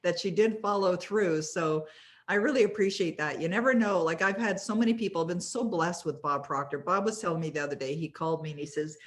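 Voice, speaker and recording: Brief: woman, lower voice, chatty storyteller who laughs a lot, video call audio. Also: a little fast. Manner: laughs often while telling anecdotes. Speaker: author and coach being honoured.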